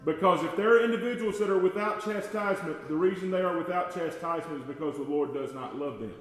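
Guy preaching a sermon in a big echoey church, folksy y'all talk, gets loud and slow on bible quotes. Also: a little high. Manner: folksy, addresses congregation as y'all; swells loud and slows on scripture quotes. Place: church sanctuary. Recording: echoey church hall with long reverb.

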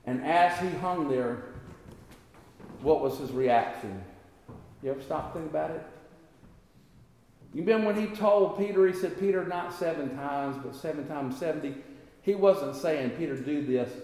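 A man preaching a sermon, talking to the congregation in a conversational way and rising to impassioned high peaks. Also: normal speed, long pauses, darkish tone. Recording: echoey hall.

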